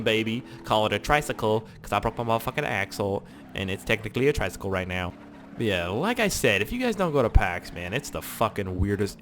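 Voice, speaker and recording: Over his gameplay, this YouTuber from Canada spins meandering, foul-mouthed tales in a fairly low, slightly bright voice, with a little hiss or hum in the recording.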